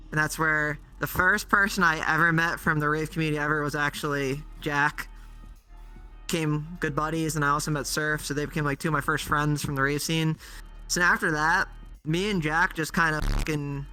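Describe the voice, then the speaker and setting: A man's voice: a little high, sharp tone, clear, resonant tone. A man hosting a casual chat over a game, laid-back and swearing freely, talking through a headset mic. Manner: laid-back, swears a lot, laughs often. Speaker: host. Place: virtual reality game session.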